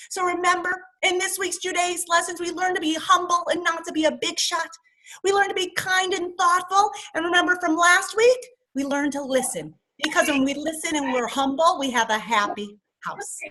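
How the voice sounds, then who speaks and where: A woman's voice: very high-pitched, pushed and bright. A woman teaching young children on a video call, telling a story dramatically and coaxing them to join in.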